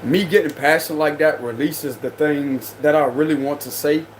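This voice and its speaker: A man's voice: a little high, normal speed, a little hiss or hum, poor audio. A young man reading tarot on a livestream, ranting in a heated, confrontational, slangy way. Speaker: tarot reader. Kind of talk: livestream rant.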